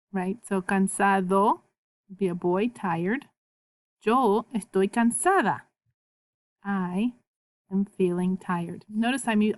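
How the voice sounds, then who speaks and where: A woman with a mid-range voice leads a Spanish video lesson, patiently going over words slowly so viewers can copy the pronunciation. The audio is dry.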